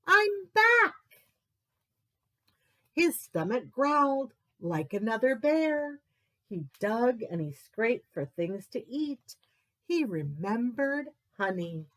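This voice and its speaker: A children's librarian reading a picture book aloud, her pitch leaping up and down as she acts the story out. Her voice sits a little high. She reads slowly and deliberately, giving each line room. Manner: expressive read-aloud delivery with character voices.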